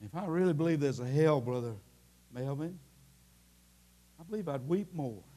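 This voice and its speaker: An older man preaching an impassioned sermon in a church, telling folksy stories and rising into shouts. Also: a little high, animated, moderate pace. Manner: impassioned, climbing into shouting at the peaks; folksy storytelling with many restarts. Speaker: Baptist preacher.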